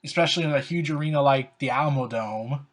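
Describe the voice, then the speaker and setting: A fan commentator speaks fast at a medium pitch, loosely and unscripted, as he gives his casual opinions on wrestling storylines. He's sarcastic and openly exasperated, leaning on fillers like "so, yeah" and "like."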